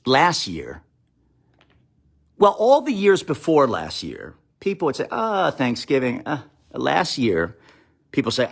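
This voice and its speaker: A man's voice: fairly high pitch, huge pitch swings, a little slow. A middle-aged man delivering a sarcastic, rambling comic monologue on a live stream, reading out viewer comments and mocking quotes. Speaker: comedian streaming live to followers. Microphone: phone or webcam live stream.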